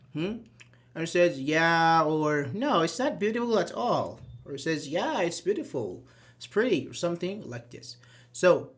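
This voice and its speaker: A man's voice: on the high side, a bit bright. Man teaching a grammar class. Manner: explains patiently, acts out example sentences, many "uh-huh"s. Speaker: English teacher.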